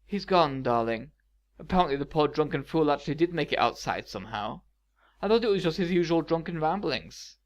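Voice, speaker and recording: A man's voice: fairly high pitch, lively intonation, fairly quick, close to an everyday voice. A man voicing a dramatic female sorceress villain who sneers and rises to fury, in a fan fiction audiobook reading. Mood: sweetly false.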